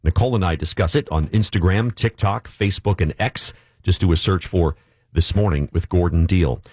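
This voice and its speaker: A man's voice: low voice, normal speed, darkish tone, husky, no echo, studio quality. A man hosting a morning radio show, chatting in an easygoing way. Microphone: studio mic.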